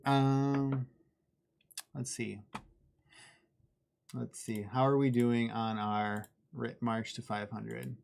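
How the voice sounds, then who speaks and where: A man's voice: medium pitch, flat delivery, drawn-out words, gravelly, pauses often, darkish tone, slight background noise. A man hosting a live miniature-painting stream, chatting casually and laughing at himself while he works. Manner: chatty, self-deprecating, laughs easily.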